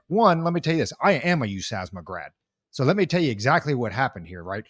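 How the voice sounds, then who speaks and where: Heated veteran podcast co-host, dry sound. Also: male voice, medium pitch, a bit bright, no room sound. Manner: heated, rambling with restarts. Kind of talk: casual chat.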